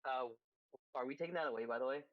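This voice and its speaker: A man's voice: mid-range voice, fast. A man playing in a tabletop game, easygoing with hesitant starts, on a dull lo-fi mic. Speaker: player.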